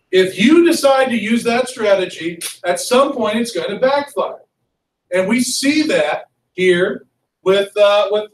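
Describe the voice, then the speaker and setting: Male history teacher, higher-pitched, lively classroom lecture, distant mic in a roomy room. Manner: lively, constantly checks in with "okay?" and "right?".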